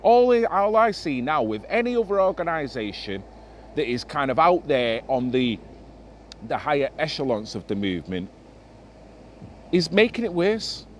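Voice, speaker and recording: A man's voice: fairly high pitch, sing-song, moderate pace, slight background noise. A middle-aged man ranting emphatically to camera in a vlog, swearing freely. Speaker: vlogger. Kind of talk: impassioned monologue to camera.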